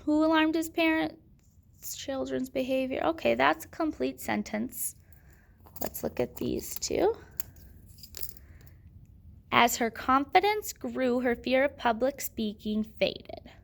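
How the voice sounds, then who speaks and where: A woman teaching a classroom lesson at a slow, careful pace. She asks a question and then answers it herself, with a patient, explaining manner. Her fairly high voice often turns gravelly. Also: animated.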